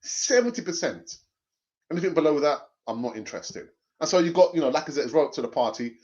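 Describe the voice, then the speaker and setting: A middle-aged man, hosting a fan live stream, animated and jokey, laughing often and repeating phrases. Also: on the high side, fast talker. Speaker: fan channel host reading live chat. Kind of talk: casual live-stream chat. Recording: dull lo-fi sound.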